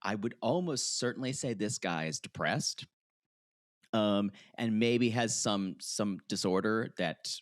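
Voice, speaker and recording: A male podcast co-host with a lowish voice recaps a reality show at an unhurried pace. The casual chat is animated, and he acts out quotes in different voices. The recording is dry with studio quality.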